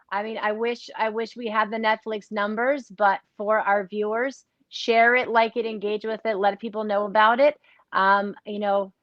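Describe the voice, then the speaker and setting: A woman hosting an interview, warm and encouraging as she wraps up with her guest. Her voice sits at a middle pitch. The sound is dry and a little dull, like a lo-fi call. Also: dry recording. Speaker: interview host. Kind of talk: casual conversational interview.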